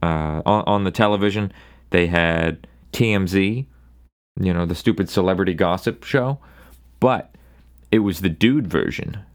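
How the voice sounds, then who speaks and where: A man's voice: low voice, smooth. A young man hosting a solo podcast, telling a rambling bar story in a wry, casual way. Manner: rambling, wry, does quick voices for people in his stories. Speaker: podcast host.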